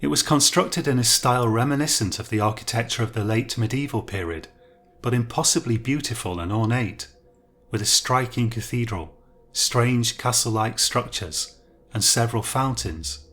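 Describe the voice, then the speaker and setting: Calm male storyteller, faint music under. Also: fairly low pitch. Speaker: narrator. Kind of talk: scripted narration.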